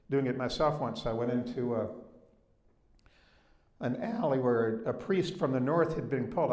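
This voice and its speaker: A man's voice: mid-range voice, darkish tone. Older Southern man telling stories in an echoey room. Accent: Southern American. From Southern United States. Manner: storytelling, emphatic on key points. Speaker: guest speaker. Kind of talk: public talk.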